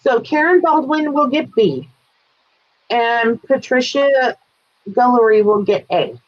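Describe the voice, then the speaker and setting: A woman's voice: fairly high pitch, slow pace. A woman co-hosting a live selling show, cheerfully reading out viewer comments and buyers. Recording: dull lo-fi sound.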